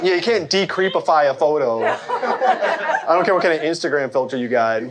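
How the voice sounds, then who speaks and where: On stage in a large hall, a male comedian in his forties delivers his routine at a moderate pace, voice on the high side. Heavy background noise surrounds his lively, wry banter with the crowd.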